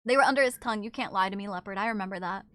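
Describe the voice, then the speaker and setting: A woman's voice: mid-range voice, very fast, dry recording. A woman streamer chatting casually with her viewers, reading their messages aloud, playful and teasing and swearing freely.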